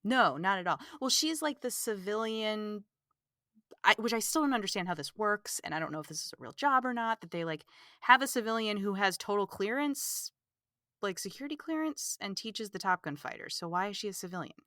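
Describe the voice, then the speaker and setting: A woman hosting a podcast, recapping a movie in casual, animated, exasperated chat full of "like". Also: mid-range voice, a little fast, no echo, clean studio sound. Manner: animated, exasperated, fills talk with "like". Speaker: podcast host.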